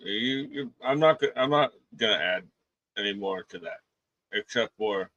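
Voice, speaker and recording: Halting man co-hosting a podcast. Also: on the low side, animated, fairly bright tone, no echo, dull audio. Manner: halting, hesitant, short remarks. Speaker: podcast co-host. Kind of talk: casual livestream reaction chat.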